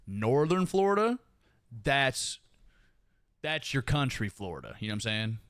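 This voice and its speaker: Male streamer, Southern twang, animated and profane, close dry mic. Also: medium pitch, a little slow, dry recording. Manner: laughs often, swears, animated. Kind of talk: casual chat with viewers.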